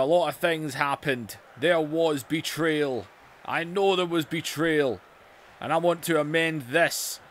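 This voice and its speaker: Over a video game, a man cuts a mock wrestling promo as a blustering veteran wrestler, full of bossy, insulting trash talk. His voice is fairly high and fairly bright, with a little hiss or hum in the recording.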